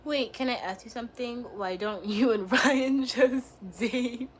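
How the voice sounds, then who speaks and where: A young woman talking casually to her livestream chat in a high voice. She speaks in loose slang and teases and trash-talks the people in her chat. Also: a little slow, slight background noise.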